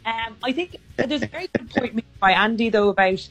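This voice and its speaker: A woman's voice: fairly high pitch, a little fast, fairly bright tone, soft background music. A woman giving emphatic, opinionated views as a sports panelist. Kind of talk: casual sports chat.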